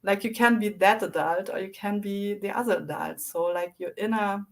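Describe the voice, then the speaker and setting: A woman's voice: medium pitch, normal speed, creaky. Reflective woman telling her recovery story. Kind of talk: casual conversational interview.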